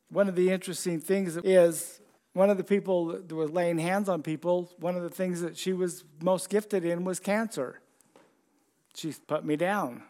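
High-voiced conversational male preacher. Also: warm tone. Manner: conversational preaching with questions to the congregation. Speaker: pastor. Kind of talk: sermon. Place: church.

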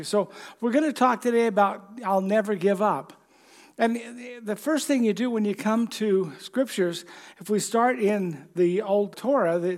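A man preaching a conversational sermon, telling stories and reading scripture slowly. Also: sits high, darkish tone.

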